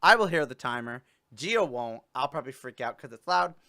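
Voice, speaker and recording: Bright, clear-voiced young man hosting a stream. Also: mid-range voice, lively intonation, fairly quick. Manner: chatty, rambling, jokey with playful fake sobbing. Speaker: host. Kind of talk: casual livestream chat.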